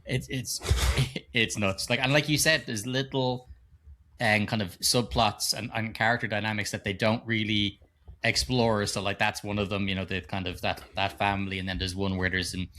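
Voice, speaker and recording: A man's voice: lowish voice, moderate pace. A middle-aged man co-hosting a podcast, retelling movie scenes in casual, sweary chat. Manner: animated, sweary storytelling. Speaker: podcast co-host.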